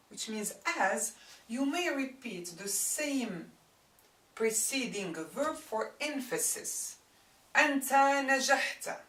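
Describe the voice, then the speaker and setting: Bright, lively woman teaching grammar slowly. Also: on the high side, recorded from a distance. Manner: deliberate, explains example sentences step by step. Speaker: Arabic teacher. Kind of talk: grammar lesson. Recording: roomy sound from off-mic.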